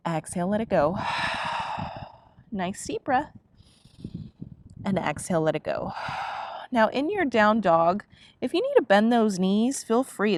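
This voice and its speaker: A woman yoga instructor calmly guiding a class through breath and movement cues, with gentle encouragement. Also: a little high, a little hiss or hum.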